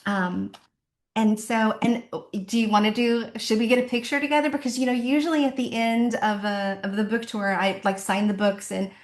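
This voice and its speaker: Woman author, somewhat high voice, earnest and encouraging, loose rambling delivery; echoey room, laptop mic. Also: flat delivery, moderate pace. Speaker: author at a virtual book event. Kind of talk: heartfelt casual talk to an online audience. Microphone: laptop microphone.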